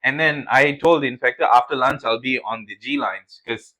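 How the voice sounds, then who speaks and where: A young man co-hosting a podcast tells stories in casual chat, animated as he acts out quotes and swears along the way. His mid-range voice moves at normal speed, and the audio quality is poor.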